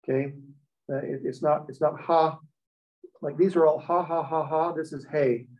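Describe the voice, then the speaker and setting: A man's voice: fairly high pitch, steady tone, moderate pace, a little mellow. A man teaching a Hebrew class, explaining step by step and checking in with the students. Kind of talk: classroom lecture. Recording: dull lo-fi recording.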